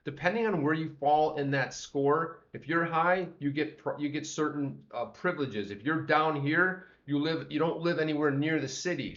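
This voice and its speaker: A man's voice: on the high side, fairly bright tone. A man co-hosting a livestream, chatting in a rambling way and greeting viewers by name. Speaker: livestream co-host. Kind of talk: casual livestream chat. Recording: roomy, slightly dull livestream audio.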